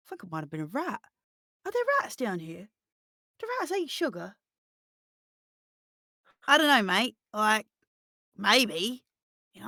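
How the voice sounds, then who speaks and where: A woman's voice: medium pitch, sharp tone, dry recording, studio quality. A woman voicing rowdy male thugs in an alley, blokey and chatty. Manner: blokey, says mate.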